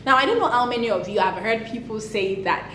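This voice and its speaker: A woman's voice: fairly high pitch, expressive, a little fast, a bit bright. A young woman, a parenting vlogger, talking to camera about discipline in an earnest, emphatic way. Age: young adult. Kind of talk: casual talk to camera. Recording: echoey room with faint noise.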